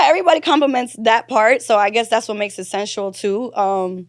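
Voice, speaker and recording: A woman talking as a podcast guest, soft-spoken and a little shy, giggling often. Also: fairly high pitch, fairly quick, hardly any pauses, no echo, studio quality. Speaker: guest masseuse. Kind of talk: casual podcast chat.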